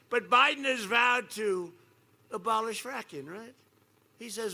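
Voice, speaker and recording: Older man, rally speech, gravelly, high for a man, boastful, repetitive, faint outdoor noise. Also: a little slow. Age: 70s. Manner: boastful, repetitive, swings from quiet asides to loud attacks. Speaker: rally speaker.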